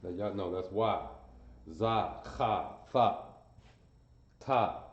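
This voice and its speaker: A man teaching a class at a board, drilling syllables aloud and stopping to quiz his students. He speaks slowly in a somewhat low voice and often repeats himself. The sound is roomy and a bit muffled, with a camera that he sometimes walks away from. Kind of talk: classroom lesson.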